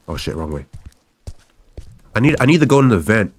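Excitable young man swearing through a horror game. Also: fairly low pitch, fairly quick, long pauses, breathy edge. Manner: jumpy, swearing, repeats phrases over and over. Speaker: gaming YouTuber. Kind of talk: let's play commentary.

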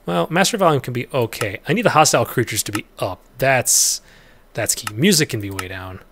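A man's voice: medium pitch, lively intonation, brisk, a little hiss or hum. A man hosting a let's play in casual gameplay commentary, rambling along and chatting to the creatures in the game, with easy laughs and sudden yelps. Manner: laughs easily, bursts into loud yelps.

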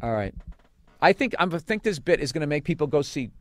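A man's voice: a little high, sing-song, fast, dry recording. A man hosting a podcast, reading listener emails aloud with profane, sarcastic asides. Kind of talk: casual podcast chat.

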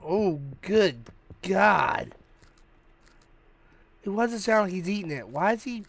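A man's voice: sits high, sing-song, takes it slowly, vocal fry, no echo. A man hosting a gaming channel, giving hyped, slangy, joking commentary while he plays a horror game. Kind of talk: let's-play commentary.

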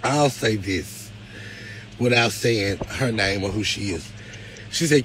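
A man's voice: lowish voice, slow, pauses often, fairly bright tone, slight background noise, poor audio. A man talking to his viewers on a livestream, emotional and close to tears, with a preacherly lift. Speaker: live-stream host.

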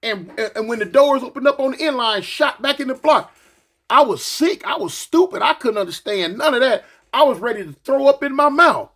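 High-voiced man with a lisp. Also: moderate pace. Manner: animated, slangy, rambling with fillers and restarts. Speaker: storyteller recounting his past. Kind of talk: casual storytelling.

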